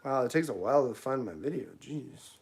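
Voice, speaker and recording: A Canadian man with a Canadian accent and a mid-range voice, talking casually to his livestream viewers as he works. His delivery is offhand and joking, often trailing into quiet mumbled asides. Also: medium pitch, lively intonation, brisk, very noisy. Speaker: livestreaming knifemaker. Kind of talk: casual live-stream chat while working.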